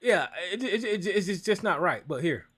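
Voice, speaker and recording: High-pitched man hosting a call-in show. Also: lively intonation, normal speed, background noise. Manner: blunt, profane, stammering restarts. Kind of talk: casual call-in talk.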